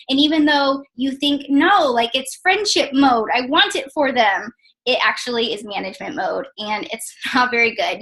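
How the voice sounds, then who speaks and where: Woman in her twenties, high voice, chatty, emotional, lots of fillers, personal story talk. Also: bright, forceful tone, poor audio. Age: 20s. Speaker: direct sales team leader.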